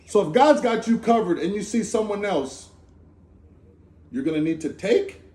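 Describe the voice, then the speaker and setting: Animated man preaching in an echoey room. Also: high-pitched, moderate pace. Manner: animated, conversational, slangy with asides. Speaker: speaker giving a Torah talk. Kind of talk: informal sermon. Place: Sukkot gathering in a room.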